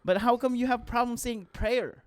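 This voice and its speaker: High-voiced man in fast casual chat. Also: dry recording, clean studio sound. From Philippines. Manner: animated, rushes his words, repeats phrases. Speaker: podcast co-host.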